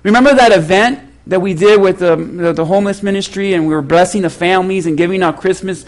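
A male pastor preaching a sermon in a lively, conversational storytelling way, poking fun at himself. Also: high voice, quick pace, rough recording. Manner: animated, conversational, self-mocking.

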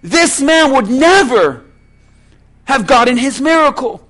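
A man preaching a sermon as pastor, slow and emphatic, asking the congregation rhetorical questions. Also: very high voice, big pitch swings, a bit bright.

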